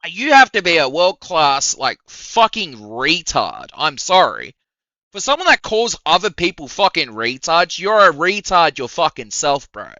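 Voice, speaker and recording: A man's voice: a little high, huge pitch swings, measured pace, bright, forceful tone, no room sound, highs cut off. A man doing a heated, profane reaction rant on his stream. He sounds incredulous and mocks what he hears, with short laughs. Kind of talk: ranting reaction commentary.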